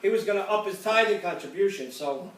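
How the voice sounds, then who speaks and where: A man's voice: high-pitched, expressive, fairly quick. An older man doing stand-up jokes at a church gathering, laughing at his own punchlines. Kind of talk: stand-up joke telling. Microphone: phone camera across the room. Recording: echoey room, far from the mic, loud background noise.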